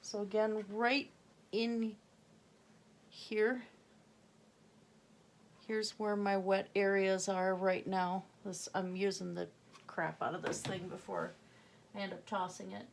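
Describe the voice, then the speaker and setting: A woman's voice: mid-range voice, level tone, slow, gravelly, pauses often, slight background noise. A woman with a slight Southern US accent, giving a chatty painting tutorial and thinking aloud as she works, sometimes dropping to a murmur. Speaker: painting instructor.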